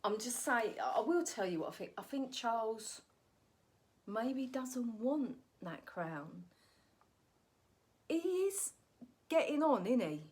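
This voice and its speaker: A woman's voice: on the high side, very animated, takes it slowly, pauses often, darkish tone. A woman, a comedian delivering a rambling comic monologue and correcting herself as she goes. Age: 40s. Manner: rambling, cheeky, self-correcting.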